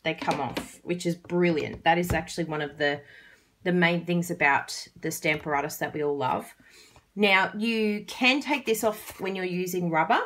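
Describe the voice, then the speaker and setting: A woman's voice: lowish voice, moderate pace, a bit bright, slight background noise. A woman with an Australian accent giving a chatty, casual card-making tutorial, laughing often.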